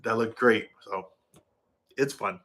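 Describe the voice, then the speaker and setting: A man's voice: fairly low pitch, slow pace, fairly bright tone, breathy edge. A middle-aged man chatting casually to viewers, rambling and correcting himself as he goes. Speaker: vlogger.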